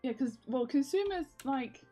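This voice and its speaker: A woman's voice: high-pitched, expressive, moderate pace, mellow, faint music behind. A young woman in casual livestream chat, rambling with many fillers and laughing often as she works on her comics. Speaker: comic artist streaming.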